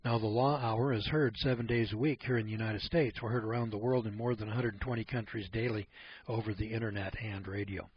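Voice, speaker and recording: A man's voice: on the low side, fairly even intonation, fairly quick, muffled recording, slight background noise. A man hosting a radio talk show, speaking in a blunt, folksy, rambling way. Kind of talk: casual radio commentary.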